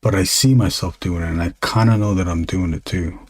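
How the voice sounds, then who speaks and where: Low-voiced man half-whispering while drawing. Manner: low, half-whispered, distracted musing with pauses. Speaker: comic artist streaming live. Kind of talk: casual live-stream talk while drawing. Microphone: desk microphone.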